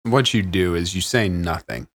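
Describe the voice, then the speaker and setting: A man's voice: sits low, normal speed. A man co-hosting a podcast, laying out absurd advice in a matter-of-fact way. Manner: deadpan mock advice. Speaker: podcast co-host. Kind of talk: casual chat.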